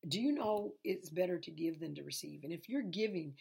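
A tired, sleepy woman hosts an online Bible lesson, preaching an informal sermon in a repetitive, conversational way. Her voice is on the low side, expressive and fairly quick, with a gravelly, slightly rough, dark tone.

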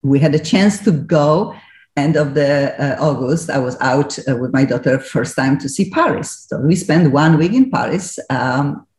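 A woman's voice: low voice, animated, normal speed, darkish tone. A woman with a Polish accent hosts a radio interview with eager enthusiasm. Her English is a little broken. The sound has a roomy echo. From Poland. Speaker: radio host.

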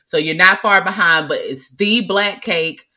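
Bright, animated woman co-hosting a podcast. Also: fairly low pitch, measured pace. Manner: animated, swearing, loud exclamations. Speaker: podcast co-host. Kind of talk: casual chat.

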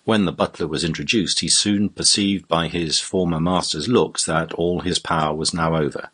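A man narrating a classic novel as an audiobook reader, with a husky voice and a measured, even delivery. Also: low voice. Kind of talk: scripted narration.

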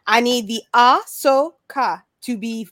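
A woman's voice: a little high, takes it slowly, a bit bright. A woman co-hosting a podcast, blunt, profane and teasing in casual chat. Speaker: podcast co-host.

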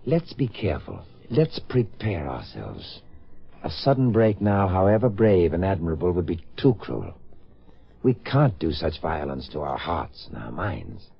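A man's voice: deep voice, unhurried, creaky, husky, exaggerated voice. A man playing a devoted, anxious lover in earnest 1950s radio drama style. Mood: tender. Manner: earnest, lively, pleading delivery. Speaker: actor. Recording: dull vintage radio recording with faint noise.

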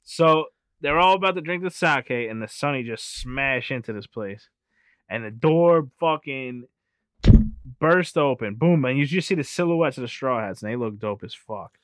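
A man's voice: medium pitch, animated, normal speed, a bit bright, no echo. A man in casual, profane chat, rambling through a movie recap and laughing often. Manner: rambling, laughs often, keeps saying anyway.

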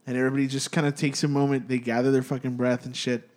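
A young man spins a long story for his friends in a loose, rambling way. He swears freely, calls everyone "dude" and keeps restarting his sentences. His voice sits at an ordinary middle pitch. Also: little pitch movement, fast, darkish tone. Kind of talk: casual chat, telling a spooky story.

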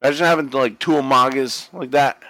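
Fairly quick and mid-range, this man's voice comes through a dry recording. He co-hosts a podcast, chatting casually through a wrestling story with colorful profanity and acted-out dialogue.

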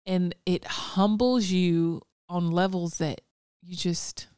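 Affirming woman host, smooth voice. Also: fairly low pitch, steady tone, slow pace, darkish tone, dry recording, studio quality. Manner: affirming, frequent back-channel responses. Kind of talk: casual faith-based talk.

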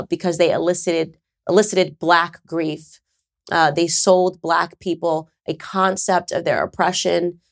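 A woman with a fairly low voice hosts her own show and talks directly to her audience. Her delivery is conversational but emphatic, and she drops in sarcastic asides. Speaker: podcast host. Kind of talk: casual monologue to camera.

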